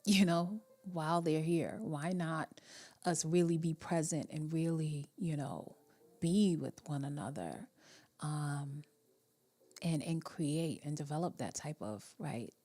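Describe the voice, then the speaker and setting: A woman hosting a live relationship-coaching show, talking in a reflective, meandering way with many fillers and a soft, half-whispered delivery at times. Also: low-pitched, slow. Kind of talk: casual live-stream talk.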